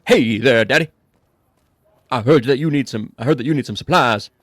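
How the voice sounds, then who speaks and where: A man's voice: mid-range voice, moderate pace, dry recording, studio quality, close to an everyday voice. A man putting on a flirty crooning rock-and-roll king. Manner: drawling, slipping between put-on accents. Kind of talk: comic impression during gameplay.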